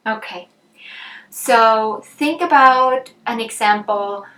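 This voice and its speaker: A woman explains communication skills in an easygoing teaching tone, pausing on ums and restarting her sentences as she thinks aloud. Her voice sits a little high and she speaks at a slow, unhurried pace. The recording carries a noticeable roomy echo. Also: sharp tone. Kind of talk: conversational teaching with examples.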